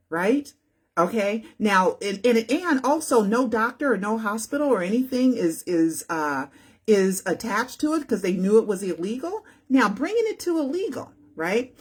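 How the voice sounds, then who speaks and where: Woman host, husky voice, loose rambling commentary, lots of "right?". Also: medium pitch. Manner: rambling, repetitive, keeps asking "right?". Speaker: channel host. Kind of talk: casual on-screen commentary.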